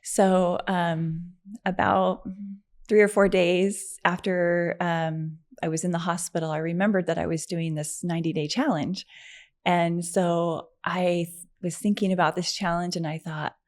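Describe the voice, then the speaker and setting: A middle-aged woman, a podcast guest, telling a personal story in a chatty, animated way, with many fillers and frequent laughs. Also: fairly low pitch, a little slow. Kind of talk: conversational storytelling.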